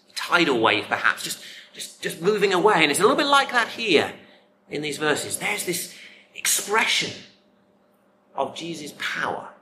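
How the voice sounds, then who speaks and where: Bright-voiced preacher. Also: male voice, fairly high pitch, a little hiss or hum. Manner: emphatic, with dramatic pauses and repetition. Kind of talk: sermon.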